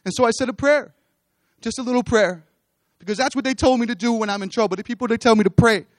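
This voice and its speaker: A man's voice: very high-pitched, fast, no echo, studio quality. A man with children giving an earnest testimony sermon on a church stage, repeating his phrases as he builds toward exhortation. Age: adult, with children.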